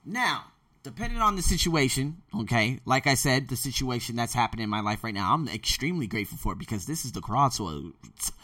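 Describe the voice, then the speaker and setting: A man's voice: medium pitch, sing-song, a little fast, pushed and bright, no echo, distant mic. A man hosting a podcast, rambling energetically through a blunt motivational monologue. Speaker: podcast host.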